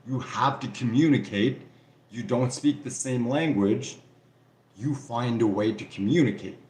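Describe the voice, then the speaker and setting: A man's voice: fairly low pitch, darkish tone, slight background noise. Easygoing French Canadian man, echoey room. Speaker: livestream host answering viewer questions. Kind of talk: casual live Q&A chat.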